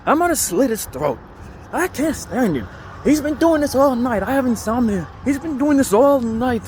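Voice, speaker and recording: A man putting on the voice of an irate elderly woman who cusses and rants in high, shrieking bursts. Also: big pitch swings, normal speed, darkish tone, slight background noise. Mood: furious.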